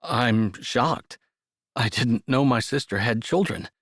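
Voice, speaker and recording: A reclusive, scarred man from an audiobook romance, speaking gently and haltingly through grief, played by the male narrator close to his own voice. The tone is an ordinary mid-range male one. The recording is dry, with no room around it. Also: medium pitch, animated, husky, no room sound, exaggerated voice. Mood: gentle, grieving. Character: grieving, gruff but gentle uncle.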